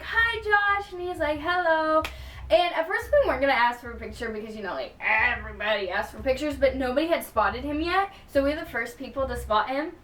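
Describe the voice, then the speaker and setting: A high-pitched woman from Texas tells a storytime vlog, gushing and excitable, her talk full of fillers. She sits a little back from the microphone, and the room gives her voice a roomy echo. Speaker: vlogger. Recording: roomy sound with the mic at a distance.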